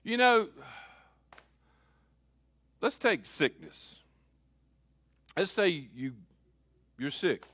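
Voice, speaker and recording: A man preaching a sermon as pastor, switching between loud calls and quiet asides. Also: high-pitched, very animated, extremely slow, long pauses, no room sound.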